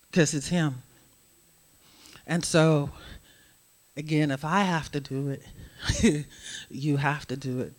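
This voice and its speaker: A middle-aged woman giving a sermon as guest speaker, swinging from hushed asides to loud, emphatic preaching. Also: lowish voice.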